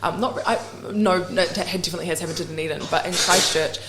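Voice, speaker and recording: A woman's voice: fairly low pitch, racing, background noise. A young woman with a New Zealand accent, chatting as a podcast guest, laughing often and acting out what people said, with many "like" fillers. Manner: animated, laughs often, acts out quoted exchanges, many "like" fillers. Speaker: podcast guest, rock band singer. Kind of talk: casual podcast chat. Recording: roomy echo with faint ambience.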